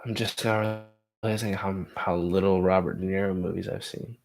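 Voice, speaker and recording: A young man with a fairly low voice chats loosely with his live-stream viewers. He rambles, swears, and runs himself down. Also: steady tone, moderate pace, gravelly. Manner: rambling, self-deprecating, crude. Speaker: comedian streamer. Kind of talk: casual live-stream chat.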